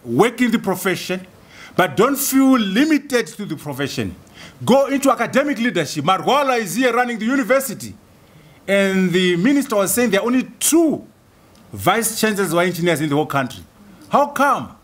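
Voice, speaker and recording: Rousing high-voiced male lecturer. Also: big pitch swings, brisk. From Zimbabwe. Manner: rhetorical, rousing, repeats slogans. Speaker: guest speaker. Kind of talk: university lecture.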